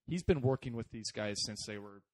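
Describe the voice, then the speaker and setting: A man co-hosting a casual soccer podcast, talking in animated, jokey rants with some swearing. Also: lowish voice, a little fast. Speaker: podcast co-host.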